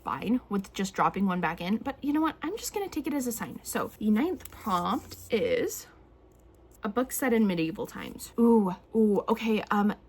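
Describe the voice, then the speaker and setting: Chatty young woman with a breathy voice. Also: on the high side. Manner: chatty, rambling, many fillers. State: teary, emotional. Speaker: booktuber. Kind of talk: casual chat to camera.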